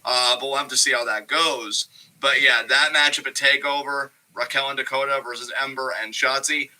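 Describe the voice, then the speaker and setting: Male co-host, casual chat, loose and filler-heavy, bright tone. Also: mid-range voice, normal speed, poor audio. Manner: relaxed, chatty, lots of fillers. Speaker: podcast co-host.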